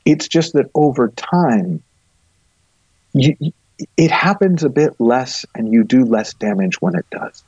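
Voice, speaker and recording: A man's voice: mid-range voice, animated, slow, darkish tone, husky, no room sound. A middle-aged man, a guest and coach, thoughtfully explaining ideas with vivid images in a reflective conversation, recorded with dull, lo-fi sound.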